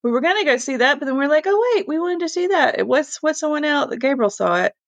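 A woman co-hosting a faith-based podcast in casual chat, sniffly and raspy from a cold and laughing easily. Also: sits high, expressive, quick pace, dry recording. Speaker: podcast co-host.

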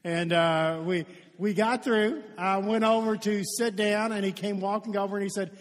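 A pastor from Kentucky preaching a sermon, telling stories and acting out the dialogue in them. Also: male voice, high voice, normal speed, long reverb tail. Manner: lively storytelling, acts out quoted dialogue.

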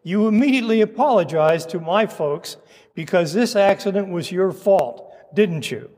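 Male actor as a badgering courtroom lawyer, high pitch, sarcastic, long room echo. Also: animated, normal speed, darkish tone. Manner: pointed, sarcastic questioning. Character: combative male trial lawyer cross-examining a witness.

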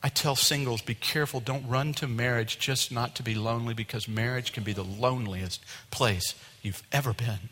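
A man preaching a sermon to his congregation in an animated way, acting out quoted voices. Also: mid-range voice, normal speed, hardly any pauses, big-room sound. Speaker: pastor. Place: church sanctuary.

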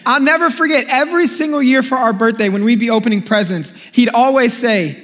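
A man's voice: very high voice, a little fast, few pauses. A young man preaching a sermon, telling a playful, joking story and calling out to the congregation. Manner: animated storytelling, playful and jokey, calls out to congregation. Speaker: pastor. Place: large church hall. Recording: long hall reverb.

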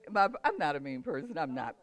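An older woman with a low, full voice and a very lively swing in her pitch. She tells a story with frequent laughs and then turns to motivational advice. The sound is close and dry, with almost no room around her. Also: a little fast, no room sound. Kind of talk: casual storytelling and motivational talk.

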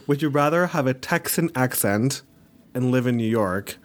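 Playful man with lively pitch. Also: moderate pace. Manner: playful, laughs often, reads questions aloud. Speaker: podcast co-host. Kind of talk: casual podcast chat.

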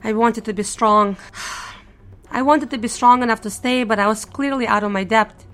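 Bright-voiced young woman, wry and nervous. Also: fairly high pitch, normal speed. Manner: nervous, wry, self-mocking. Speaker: narrator and lead character. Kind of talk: first-person audio drama narration.

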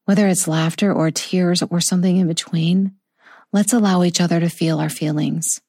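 A middle-aged woman speaking softly and slowly about a personal loss in a heartfelt, reflective monologue. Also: fairly low pitch, fairly even intonation, no echo, clean studio sound. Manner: soft, slow and heartfelt, with tender pauses. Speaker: vlogger sharing a personal story.

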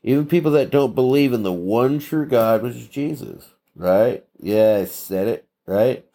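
A man's voice: medium pitch, measured pace, warm tone. A man hosting a podcast in a casual solo monologue, blunt and opinionated, tossing out rhetorical questions and tagging lines with "right?". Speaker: podcast host.

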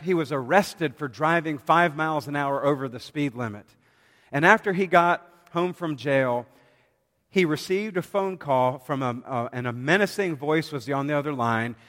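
A man preaching a sermon from the pulpit in a measured, dramatic way, with pauses between phrases. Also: on the high side, fairly bright tone. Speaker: pastor. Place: church sanctuary. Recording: long hall reverb.

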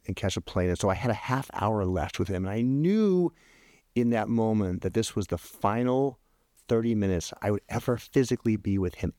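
A middle-aged man, a podcast guest, telling a personal story in a halting way, repeating words and pausing with frequent ums. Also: on the low side, darkish tone, no echo, studio quality.

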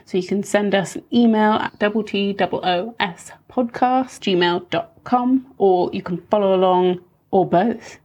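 A woman co-hosting a student podcast, chatting in a relaxed, friendly way and reading out the contact details. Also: medium pitch, unhurried. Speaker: podcast co-host, osteopathy student. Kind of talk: casual chat and podcast sign-off.

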